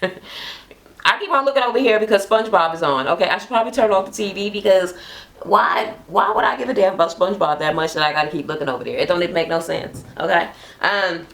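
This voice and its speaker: A woman's voice: fairly low pitch, a bit bright. Blunt, gossipy woman recapping TV. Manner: blunt, profane, gossipy, laughs often. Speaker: reality TV recap vlogger. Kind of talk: casual gossipy recap chat. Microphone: camera mic, talking to camera at home.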